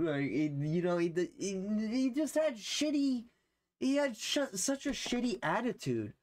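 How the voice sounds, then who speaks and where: A man's voice: high voice, big pitch swings, a little slow. A young adult man chatting casually to his livestream viewers, rambling and slangy, with frequent swearing and fillers.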